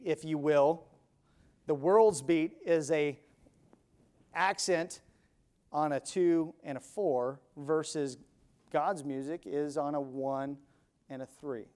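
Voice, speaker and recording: A man's voice: a little high, darkish tone, clean tone. A man preaching a sermon, emphatic, asking and answering his own questions and counting out beats. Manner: counts beats and sings snatches of songs.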